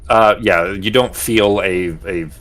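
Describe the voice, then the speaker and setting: A man running a tabletop game as game master, describing scenes with frequent pauses and restarts. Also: on the low side, fairly bright tone. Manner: hesitant, restarts often while describing.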